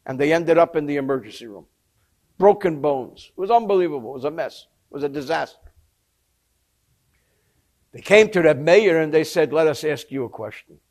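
A man teaching a religious text, telling a story with expression and explaining Hebrew terms in English. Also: a little high. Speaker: Torah teacher. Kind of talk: textual study lesson with storytelling.

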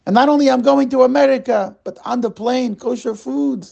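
A man's voice: very high voice, normal speed, creaky, a little mellow, dull audio, pitched above the performer's own voice, full character voice. A man voicing an emotional man, who stammers in broken English. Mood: apologetic, excited. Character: emotional Russian Jewish man, apologetic, stammering.

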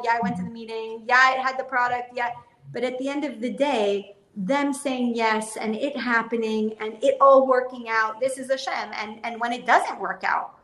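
A woman's voice: fairly high pitch, fairly bright tone, echoey room. A young adult woman, a business owner, talking earnestly and at length as an interview guest, often laughing as she speaks. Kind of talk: casual interview chat.

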